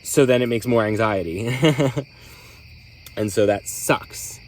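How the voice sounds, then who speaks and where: A man's voice: medium pitch, slow pace, long pauses, a little hiss or hum, low-quality recording. A man hosting a podcast, talking candidly in a rambling, reflective way with many fillers. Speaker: podcast host. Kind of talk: reflective solo talk.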